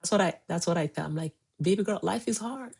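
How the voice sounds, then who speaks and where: A woman's voice: on the low side, fast talker, vocal fry, a little mellow, slightly rough. A woman in her forties coaching on a casual livestream, emphatic and repeating key phrases. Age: 40s. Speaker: weight-loss coach. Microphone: phone livestream.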